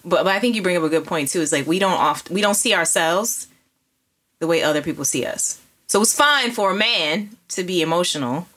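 Woman coach co-hosting a podcast, lowish voice, thoughtful, paints pictures with her words. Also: a little fast, fairly bright tone. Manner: reflective, uses vivid imagery. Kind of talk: casual intimate conversation.

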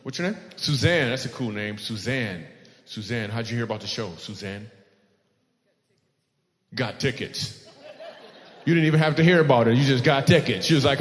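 At a live comedy venue, a male stand-up does teasing crowd work, often laughing at his own jokes. His mid-range voice has lively intonation at a normal speed, and the recording has a long hall reverb.

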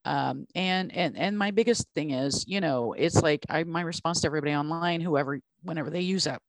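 A woman's voice: deep voice, fairly quick, dry recording. A woman hosting a casual podcast chat, speaking bluntly and emphatically as a parent advocate.

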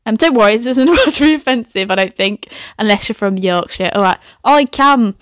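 This is a comic reading with running commentary: a young woman hosting a podcast reads a funny story she once wrote, breaking off often to chat, giggle and swear. Her mid-range voice moves quickly with lively intonation. The studio-quality audio has no echo.

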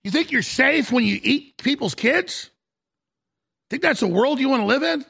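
A middle-aged man hosting a talk show, delivering an aggressive, shouting rant in a raspy voice. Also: very high voice, expressive, normal speed. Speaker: radio talk show host. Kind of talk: ranting talk-show monologue.

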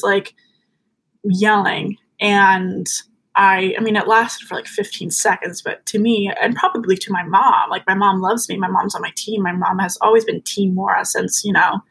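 A woman's voice: medium pitch, fairly even intonation, normal speed, vocal fry, a bit bright, husky, low-quality recording. A young woman as a podcast guest, telling a personal story in an earnest, chatty way, full of fillers.

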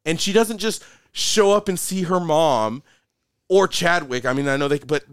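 A man's voice: a little high, normal speed, smooth, no room sound, studio quality. A young man hosting a podcast, talking casually and animatedly, swearing and saying "like" and "dude" a lot. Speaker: podcast host. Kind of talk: casual chat.

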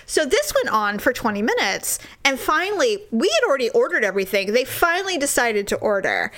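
A woman casually telling a story, exasperated and animated, acting out the people in it. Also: sits high, brisk. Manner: animated, exasperated, acts out voices.

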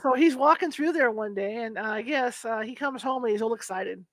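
A woman's voice: fairly high pitch, a little fast, a bit bright, no room sound. A middle-aged woman from California telling stories in a casual chat, laughing now and then as she talks. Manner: chatty storyteller, laughs while telling. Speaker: conversation partner. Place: Sacramento, USA.

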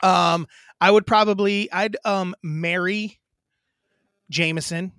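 A man's voice: high voice, fairly even intonation, slow pace, fairly bright tone, smooth, no room sound, clean studio sound. A man co-hosting a podcast in a casual, rambling chat, joking and swearing. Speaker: podcast co-host.

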